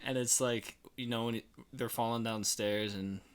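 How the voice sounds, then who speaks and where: A young man co-hosting a casual podcast, relaxed and easygoing in conversation. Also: mid-range voice, moderate pace, clean tone. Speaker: podcast co-host.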